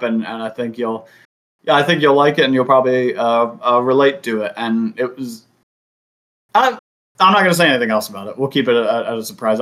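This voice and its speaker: A man's voice: medium pitch, a bit bright. An American man co-hosting a sports podcast in casual chat, laughing often and rambling through restarts. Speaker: podcast co-host.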